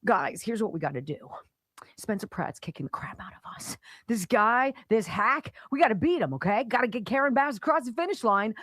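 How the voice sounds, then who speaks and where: A woman playing a frantic campaign operative who hisses plans in a hushed, conspiratorial voice and shouts for a colleague. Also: on the high side, lively intonation, fairly quick, few pauses, no echo, studio quality, pitched above the performer's own voice. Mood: scheming. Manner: urgent, conspiratorial, loud outbursts then hushed.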